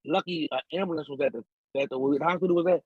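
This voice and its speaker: Man, guest storyteller, husky higher voice, dull dry lo-fi sound, animated delivery. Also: rapid-fire, no echo. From Philadelphia. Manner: animated, acts out quotes with big pitch jumps. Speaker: podcast guest. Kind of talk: casual storytelling.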